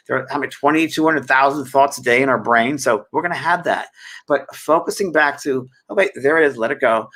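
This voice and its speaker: A man's voice: mid-range voice, fairly bright tone. A middle-aged man hosting a show, explaining meditation in an earnest, rambling way, often restarting and repeating himself. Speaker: spiritual teacher and host. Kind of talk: casual teaching chat.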